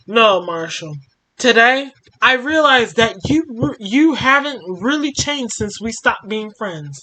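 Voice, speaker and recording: A woman voicing an earnest, apologetic young male police pup in a read-aloud story, speaking softly and sincerely. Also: a little high, expressive, slow pace, voice pushed down, heavily acted, low-quality recording. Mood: tender.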